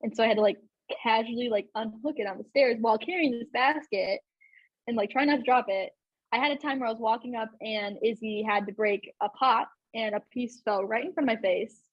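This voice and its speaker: Podcast host, young woman, breathy and slightly high, dry muffled recording. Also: fairly quick, no room sound. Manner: chatty, lots of fillers and laughs. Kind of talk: casual chat.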